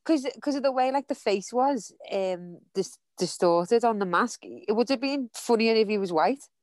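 A woman's voice: fairly high pitch, lively intonation, normal speed, a little mellow, no room sound, clean studio sound. A woman with a nasal voice, co-hosting a podcast in casual chat. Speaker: podcast co-host.

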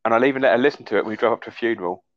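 A man's voice: mid-range voice, rapid-fire. A man guesting on a casual geek chat podcast, dry and teasing. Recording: dull lo-fi sound.

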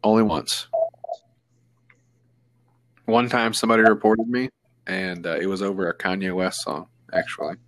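A man's voice: on the low side, level tone, moderate pace, pauses often, a bit bright, a little hiss or hum. A man speaking as a podcast guest, joking bluntly and swearing freely in casual chat. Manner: blunt, profane banter.

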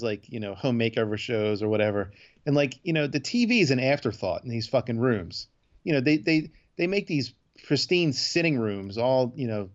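A man's voice: mid-range voice, dull audio. A man casually chatting as podcast co-host, recapping a TV episode with lots of swearing. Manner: profane, animated, acts out characters in quotes.

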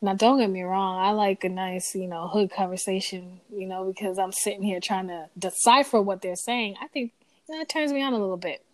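Animated laughing woman in casual chat. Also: mid-range voice, no room sound, poor audio. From Boston. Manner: animated, laughs often, drawn-out emphasis.

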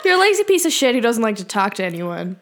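A young woman co-hosts a laid-back podcast in a slightly high voice. Her humor is dry and deadpan, and she teases her friend in easy, casual talk. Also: fast talker. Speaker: podcast co-host. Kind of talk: casual chat.

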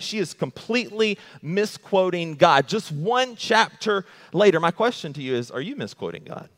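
A man's voice: high-pitched, moderate pace. Man preaching in a reverberant hall. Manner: animated preaching with rhetorical questions. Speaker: pastor. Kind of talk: sermon.

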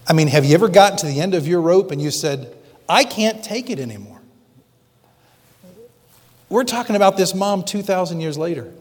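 A man preaching a sermon dramatically, slowing down for emphasis. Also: high-pitched, animated. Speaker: pastor. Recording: long reverb of a large hall.

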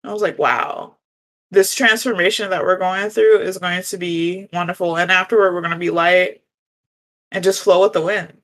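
A woman's voice: lowish voice, steady tone, normal speed. Reflective woman in casual spiritual chat. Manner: gentle, reflective, laughs often. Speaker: podcast co-host.

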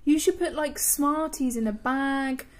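A woman chatting casually as co-host, reacting quickly and joking playfully. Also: high-pitched. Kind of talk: casual chat.

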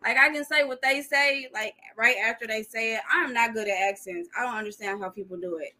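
Bright-voiced woman in giggly, rambling chat. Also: on the high side, a little fast. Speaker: podcast co-host. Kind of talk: casual chat.

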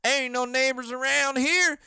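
A man's voice: very high voice, steady tone, moderate pace, gravelly, fairly bright tone, smooth, no echo, studio quality, pitched above the performer's own voice, full character voice. A man voicing a boastful rural Southern man with a folksy drawl.

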